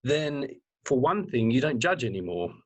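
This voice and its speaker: A man talks earnestly as an interview guest, recounting his own past with animated energy. He repeats words for emphasis and lets the odd swear word slip. His voice sits at an ordinary middle pitch. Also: normal speed. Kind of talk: candid personal storytelling.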